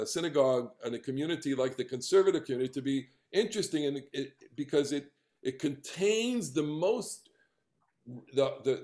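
Halting middle-aged rabbi teaching a class. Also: male voice, a little high. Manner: halting, many restarts and repeated words, animated. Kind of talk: conversational class discussion.

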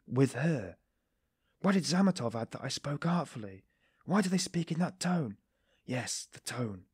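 Tormented young student in an audiobook, read by a male narrator; husky, restless, suspicious, his pitch swinging. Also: no room sound, clean studio sound. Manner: agitated inner monologue, swinging between shrill and muttered. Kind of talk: audiobook character voice.

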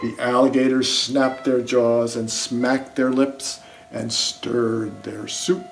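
A man reading aloud his own children's picture book, slowly and expressively, slipping into the characters' lines. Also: mid-range voice, flat delivery. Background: saxophone music.

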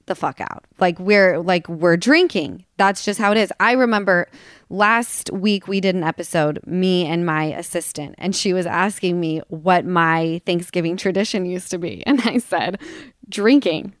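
Woman hosting a podcast, smooth clear voice, dry close sound, open and emotional. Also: lowish voice, a little slow, dry recording. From Los Angeles. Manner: candid, emotional, laughing often. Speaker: podcast host. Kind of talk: casual interview chat.

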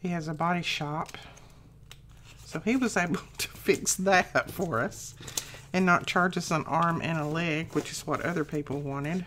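A woman's voice: low-pitched, a little slow, a bit bright, slight background noise. Chatty homey woman crafting. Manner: chatty, homey, rambling storyteller. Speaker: crafting channel host. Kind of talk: casual crafting chat.

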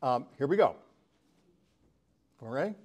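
A man's voice: medium pitch, animated, slow, a little mellow. An older man giving a casual presentation to a live audience, chatty and joking, bantering with the crowd. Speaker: talk presenter.

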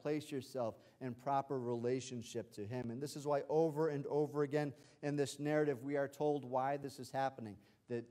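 A male pastor preaching a livestreamed sermon, moving between quiet explanation and loud, excited exclamations of hallelujah. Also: mid-range voice.

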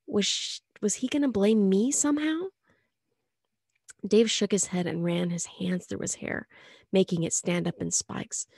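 A woman reads a children's novel aloud with expressive storytelling. Her voice has a gravelly edge at a middling pitch. The recording is close and dry. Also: unhurried, no echo. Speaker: audiobook reader.

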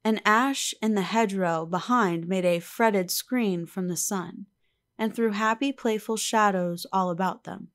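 A woman reading a classic novel aloud in measured, calm scripted narration. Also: medium pitch. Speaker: audiobook narrator.

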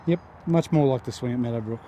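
A man's voice: mid-range voice, fast. An Australian man bantering and teasing his playing partners during a round of golf, recorded outdoors. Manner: joking, teasing. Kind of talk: casual banter on a golf course. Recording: outdoor ambience with steady background noise.

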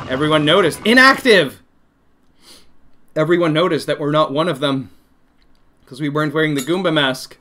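A man's voice: a little high, steady tone, fast, fairly bright tone. A man giving comedic let's play commentary, reading game text aloud and reacting with laughs and playful mock outrage. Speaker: gaming commentator.

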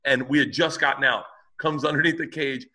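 Bright-toned man in his forties telling stories. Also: mid-range voice, brisk. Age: 40s. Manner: animated, profane storyteller. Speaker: podcast co-host. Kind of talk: casual storytelling chat.

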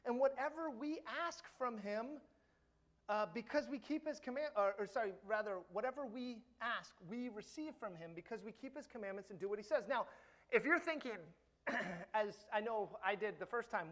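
A middle-aged man preaching a sermon as pastor, earnest and emphatic, dropping soft and slow on his key points. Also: high-pitched.

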